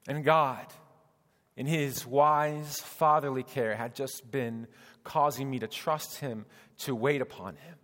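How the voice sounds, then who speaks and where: A man's voice: mid-range voice, unhurried, fairly bright tone. A man in his thirties preaching a sermon as pastor, earnest and emphatic, using rhetorical questions. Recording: long church reverb.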